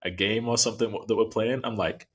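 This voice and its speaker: A man's voice: lowish voice, steady tone, quick pace, breathy edge. A young man chatting casually on a podcast, playful and laughing often. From United Kingdom. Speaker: podcast co-host, basketball player.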